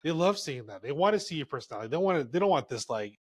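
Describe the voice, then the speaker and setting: A man, a photographer guesting on a podcast, who talks in a relaxed and frank way with lots of filler words. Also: fairly high pitch, rapid-fire, husky, dry recording. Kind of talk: casual podcast chat.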